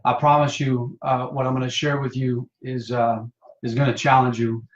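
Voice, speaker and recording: Man telling a story with flat delivery. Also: medium pitch. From Michigan. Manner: casual, halting storytelling with many fillers and restarts. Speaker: pastor and Marine veteran. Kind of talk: live-streamed personal testimony. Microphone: phone or webcam for a live stream. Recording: dull, roomy live-stream audio.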